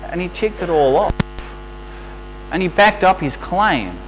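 Lively, high-voiced male preacher. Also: measured pace, low-quality recording. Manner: conversational, asks the listeners rhetorical questions. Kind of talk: sermon. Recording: faint mains hum.

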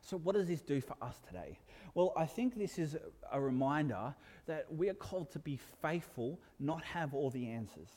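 A man's voice: on the high side, expressive, normal speed. Man preaching in a reverberant hall. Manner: earnest, builds to emphatic peaks, drops to soft asides. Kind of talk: sermon.

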